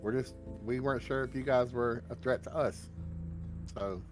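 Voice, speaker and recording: A man's voice: mid-range voice, steady tone, normal speed. A man playing his character in a tabletop game, speaking in an easygoing, reassuring way. Music plays faintly behind his voice. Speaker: player. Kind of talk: in-character tabletop role-play.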